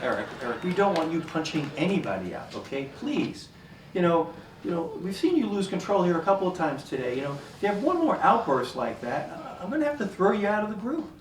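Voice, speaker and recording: A man's voice: high-pitched, sing-song, a little fast, slight background noise. A man playing a coaxing group therapist who praises small progress, in a stage comedy. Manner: soothing then overly enthusiastic. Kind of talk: community theater comedy. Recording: echoey stage from far off.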